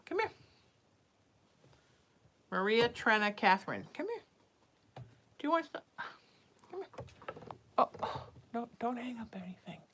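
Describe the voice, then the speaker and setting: A woman's voice: medium pitch, pushed and bright. A woman hosting live psychic readings who chats casually and coos baby talk to her cat, sometimes dropping to a whisper. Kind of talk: casual live-stream chat.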